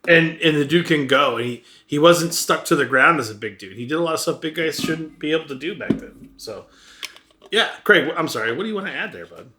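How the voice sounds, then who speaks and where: A man's voice: a little high, expressive, fairly quick, sharp tone, slight background noise. A man hosting a casual podcast, chatting and joking while he leads the segment. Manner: laughs often, runs the segment. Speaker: podcast host.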